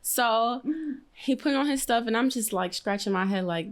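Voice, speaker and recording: A woman's voice: on the high side, moderate pace. A woman co-hosting a podcast who retells a story in casual chat, laughing and full of fillers. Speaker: podcast co-host.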